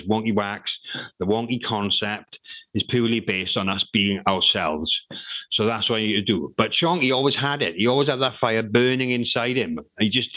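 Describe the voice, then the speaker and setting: A man's voice: fairly low pitch, bright, forceful tone, dry recording, poor audio. A middle-aged man, telling stories in a casual interview, rambling with restarts and swearing freely. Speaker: interview guest, rapper.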